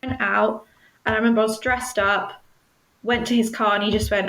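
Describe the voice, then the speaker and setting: A woman speaks as an interview guest, recounting her own story in an earnest, measured way. Her voice sits at a middle pitch for a woman. The recording carries the echo of a roomy space. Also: steady tone, creaky, a bit bright. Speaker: guest, stalking survivor. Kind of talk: personal storytelling in a podcast interview.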